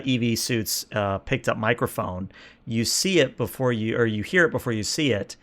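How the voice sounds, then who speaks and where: A man running a tabletop role-playing game, narrating scenes in a lively, playful way and laughing often. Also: mid-range voice, normal speed. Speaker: game master.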